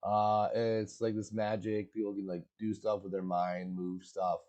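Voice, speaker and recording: Laid-back slangy man, low mellow voice. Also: level tone, a little slow. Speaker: movie recap host. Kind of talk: casual movie recap.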